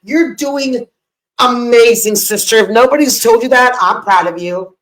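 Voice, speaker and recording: A woman's voice: a little high, measured pace. An older woman co-hosting a live podcast, effusive and emotional, greeting viewers by name. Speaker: podcast co-host. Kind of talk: casual live chat. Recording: echoey room.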